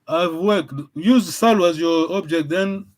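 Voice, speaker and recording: A man teaching a language class in a high voice, often praising his students. He talks haltingly, repeating and restarting his phrases as he explains.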